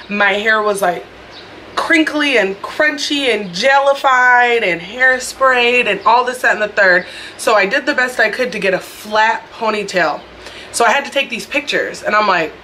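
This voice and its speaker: A young vlogger with a bright, clear, medium-pitched voice tells a casual storytime, chatting expressively and addressing her viewers directly. She films indoors on her phone camera, with faint background noise.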